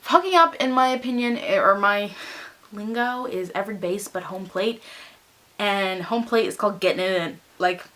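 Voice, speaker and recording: A woman's voice: medium pitch, moderate pace. A young woman vlogging casually, telling a story animatedly and acting out what people said. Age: young adult. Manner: animated storytelling with quoted voices. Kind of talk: casual vlog rant.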